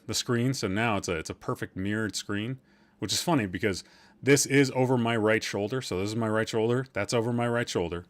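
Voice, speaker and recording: Rambling, joking man hosting a live stream. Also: lowish voice. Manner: rambling, joking and teasing with the chat. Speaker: podcast host streaming live. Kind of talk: casual live-stream chat.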